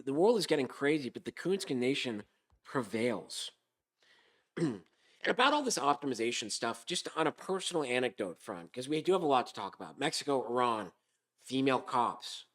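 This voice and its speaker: A man hosting a comedic podcast monologue, hoarse from a sore throat, with a sarcastic, rambling delivery. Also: medium pitch, sing-song, moderate pace. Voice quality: hoarse, smoker-like. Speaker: podcast host.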